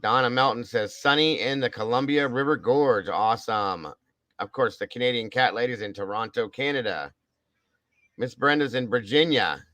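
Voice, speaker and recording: A man's voice: mid-range voice, normal speed, no echo, rough recording. A man hosting a casual livestream, reading out where viewers are from in a chatty, upbeat way with casual swearing. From Ohio. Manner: reads out viewer shoutouts, chatty. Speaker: livestream host.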